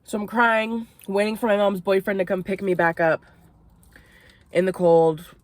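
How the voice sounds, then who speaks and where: A young woman from Maine vlogs from inside a parked car, eating and casually telling a story, laughing and swearing between mouthfuls. Her medium-pitched voice is flat in delivery at normal speed.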